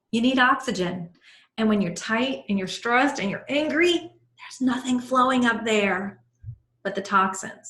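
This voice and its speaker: A woman's voice: medium pitch, a bit bright. A middle-aged woman teaching an online class as a life coach, guiding listeners through breathing and telling personal stories in an earnest way. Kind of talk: live video-call class talk. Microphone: video call. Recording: roomy video-call audio.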